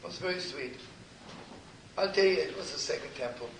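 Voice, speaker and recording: An older man, a rabbi, telling stories in a sermon with an intimate, repetitive manner, often sinking to a hushed near-whisper. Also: fairly high pitch, a little fast. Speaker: rabbi and teacher. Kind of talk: storytelling sermon to a live gathering. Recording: roomy distant live recording with noise.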